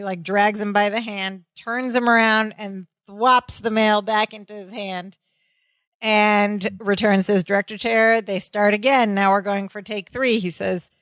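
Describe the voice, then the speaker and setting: A woman's voice: mid-range voice, a bit bright, no room sound. A woman co-hosting a podcast, casually recounting a sitcom scene step by step and quoting the characters' dialogue. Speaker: podcast co-host. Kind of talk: casual recap chat.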